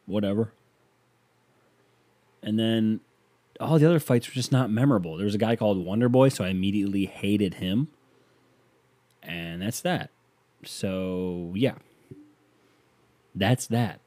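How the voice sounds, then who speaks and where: An American man hosts a podcast, delivering a rambling, sarcastic monologue into a close mic. His voice sits on the low side with a warm tone, and there's no echo.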